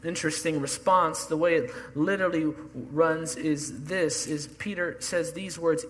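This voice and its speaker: A male pastor delivers an earnest sermon, driving his points home with repetition. His voice sits high and sounds bright and forceful. The sound carries the long reverb of a large church sanctuary. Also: fairly even intonation, normal speed, hardly any pauses, a little hiss or hum. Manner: earnest, builds emphasis through repetition.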